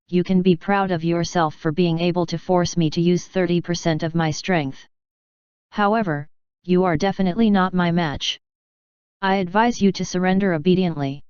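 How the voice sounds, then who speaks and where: A woman's voice: fairly low pitch, a little mellow, smooth, no room sound, muffled recording, lightly acted. A woman putting on a sneering black-robed young man. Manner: mocking, cold.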